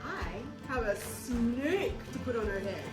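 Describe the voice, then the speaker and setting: A woman kindergarten teacher reading a storybook aloud and asking the children questions in an animated way. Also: on the high side, a little slow, over loud music, poor audio. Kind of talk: storybook read-aloud and lesson.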